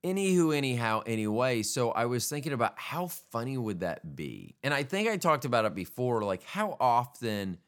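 A man's voice: medium pitch, very animated, normal speed, hardly any pauses. A man hosting a podcast, rambling casually on his own in a jokey, profane way. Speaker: podcast host. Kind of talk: casual solo podcast monologue.

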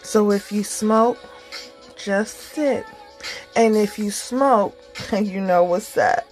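Woman host, slow and rambling, encouraging, faint music behind. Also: medium pitch, low-quality recording. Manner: warm, encouraging, rambling with many fillers. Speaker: podcast host. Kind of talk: casual heartfelt talk.

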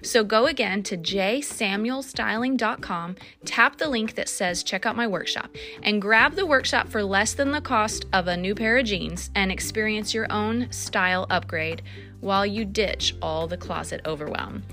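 A woman hosting a podcast, reading her own ad and chatting casually, upbeat and quick to laugh. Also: medium pitch, sharp tone, soft background music. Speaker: podcast host and stylist. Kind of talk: casual podcast talk with ad read.

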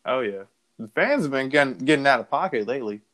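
A man's voice: medium pitch, animated, fast talker, fairly bright tone. A man co-hosting a casual talk recording, talking loosely with slang and laughing often. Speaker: podcast co-host. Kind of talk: casual chat.

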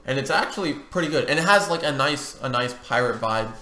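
A man's voice: medium pitch, lively intonation, brisk, pushed and bright, reverberant. A man co-hosting a casual podcast chat, loose and joking. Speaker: podcast co-host.

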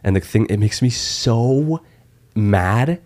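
Young guy podcast host, real deep voice, joking around and crude. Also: slow pace. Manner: joking, crude, animated storyteller. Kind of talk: casual chat.

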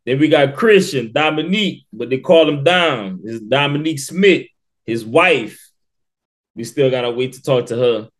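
A man's voice: medium pitch, lively intonation, moderate pace. A man co-hosting a casual podcast in a laid-back way, who sometimes hesitates and stumbles over names. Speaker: podcast co-host.

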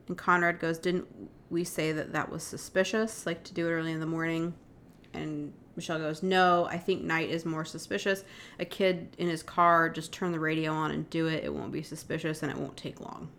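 Low-voiced woman telling a true-crime story. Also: steady tone, moderate pace, a bit bright. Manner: chatty, many "like" and "um" fillers, quotes texts with "she goes". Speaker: podcast co-host.

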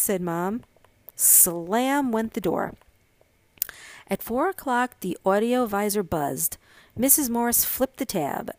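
Woman narrating a story, real slow, even, dry close mic. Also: mid-range voice, dry recording. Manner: measured, unhurried. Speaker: reader. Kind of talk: audiobook narration.

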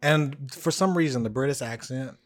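A man from Oklahoma chatting casually on a podcast, relaxed and slangy. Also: mid-range voice, moderate pace. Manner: laid-back, chill, slangy. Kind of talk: casual banter.

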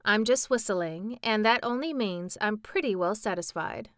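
A woman voicing an earnest young boy who gives brisk instructions in a storybook reading. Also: medium pitch, animated, a bit bright, no echo, studio quality, natural voice.

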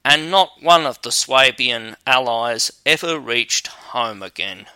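A man narrates a fairy tale for an audiobook at a slow, measured pace. His voice is very bright and crisp, recorded dry and close. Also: mid-range voice, no echo. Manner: measured, even reading. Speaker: audiobook reader. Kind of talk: storybook narration.

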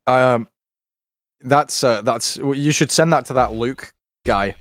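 A man's voice: medium pitch, slow, dry recording, clean studio sound. A British man hosting a livestream, laughing often as he reads out a comic rant and the chat. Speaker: livestream host. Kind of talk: casual stream chat and comic rant reading.

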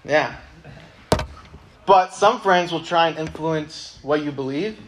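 Young man, youth pastor, relaxed conversational preaching, slightly high pitch. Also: slow pace, noisy background. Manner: casual, conversational, many ums. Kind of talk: sermon with Bible reading.

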